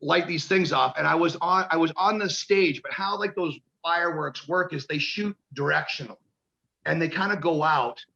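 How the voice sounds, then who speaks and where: Gravelly, bright-voiced man telling stories. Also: fairly high pitch, moderate pace, highs cut off, a little hiss or hum. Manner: profane, rambling, acts out quoted voices. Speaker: guest, pro wrestler. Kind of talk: casual storytelling interview.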